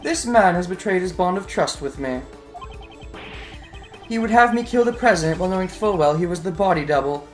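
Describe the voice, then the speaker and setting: A man voicing a calm, grave older male assassin who speaks in a slow, formal way. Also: high voice, soft background music, voice pushed up.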